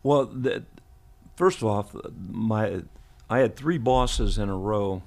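Speaking slowly in a lowish voice, a man in his seventies who spent years coaching football chuckles his way through rambling anecdotes, often restarting, while being interviewed in a podcast studio.

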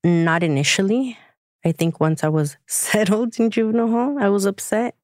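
A woman's voice: mid-range voice, moderate pace, darkish tone, no room sound. A woman, reflecting on her past in an emotional personal story, close to tears at times. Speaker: guest, younger sister.

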